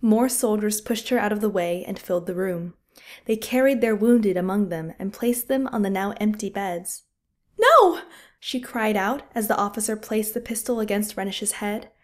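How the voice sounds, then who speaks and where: A woman's voice: mid-range voice, moderate pace. Woman narrating a dramatic audiobook. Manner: expressive, vivid storytelling.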